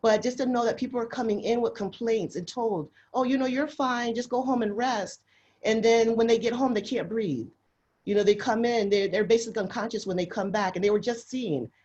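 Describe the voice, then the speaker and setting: A woman's voice: mid-range voice, fairly quick, a little mellow. Impassioned woman on a muffled call. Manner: impassioned, repeats herself. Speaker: nurse panelist. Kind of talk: webinar panel discussion. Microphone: video call.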